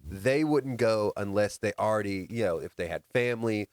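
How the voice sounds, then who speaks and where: A man's voice: on the low side, normal speed, darkish tone, clear, resonant tone, dry recording, studio quality. A man co-hosting a podcast in casual chat, laughing often and telling stories with animation. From United States. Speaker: podcast co-host.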